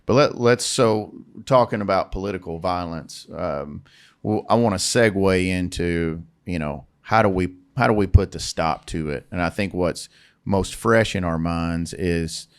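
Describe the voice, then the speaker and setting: A man's voice: sits low, unhurried, clean tone. A man co-hosting a casual podcast discussion, thoughtfully steering the group into a new topic. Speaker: podcast co-host leading the topic.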